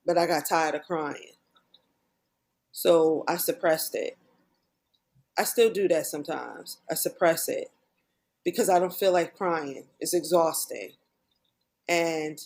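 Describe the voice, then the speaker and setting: A middle-aged woman talks candidly and earnestly as a guest on a podcast. Her voice sits a little low, and she often acts out remembered conversations in quick quoted bursts. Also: a little mellow.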